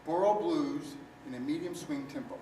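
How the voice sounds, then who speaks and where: Guy explaining trombone parts step by step, kinda high voice, super roomy and far off, trombone bits in between. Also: moderate pace, dark tone, a little hiss or hum. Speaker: trombone instructor. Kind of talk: music lesson demonstration. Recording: very echoey room, mic at a distance. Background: trombone playing.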